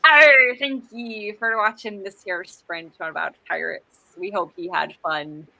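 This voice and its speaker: A woman's voice: medium pitch, steady tone, unhurried, vocal fry, pushed and bright, dry recording, exaggerated voice, poor audio. A woman voicing a jolly pirate woman whose voice drifts into an Irish accent, hammy and giggly.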